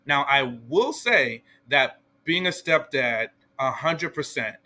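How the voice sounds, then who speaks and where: A man as a guest in a casual podcast discussion, talking in a measured, reasoned way and often checking with "right?". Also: on the high side, animated, pushed and bright. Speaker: guest panelist.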